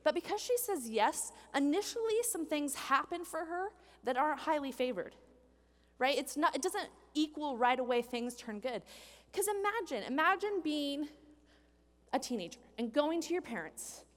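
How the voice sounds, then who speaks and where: A high, animated woman preaches in a church hall, and the long hall reverb trails her words. She acts out the people in the story as she goes, and her pitch climbs and falls widely. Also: normal speed. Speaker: pastor. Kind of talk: sermon.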